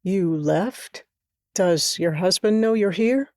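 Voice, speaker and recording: A woman voicing a gentle, caring young man who speaks softly and reassuringly in an audiobook. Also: fairly low pitch, takes it slowly, no room sound, clean studio sound. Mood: surprised.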